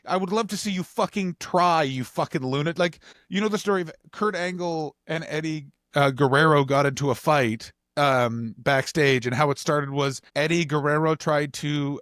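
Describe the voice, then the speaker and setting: A man co-hosting a podcast, telling stories in an animated, ranting way full of swearing. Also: on the high side, dry recording, clean studio sound. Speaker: podcast co-host. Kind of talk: casual comedic chat.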